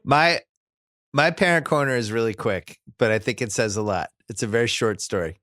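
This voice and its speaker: Middle-aged male host, mid-pitch, bantering about parenting with wry exasperation. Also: animated, moderate pace, fairly bright tone, no room sound, studio quality. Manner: joking, exasperated parent stories. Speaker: podcast host. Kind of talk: casual chat.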